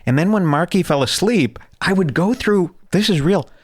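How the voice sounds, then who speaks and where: He's a podcast host with a high, slightly rough voice, talking at a moderate pace in a space without echo. The stories come out animated, crude, and full of jokes in a loose, chatty style.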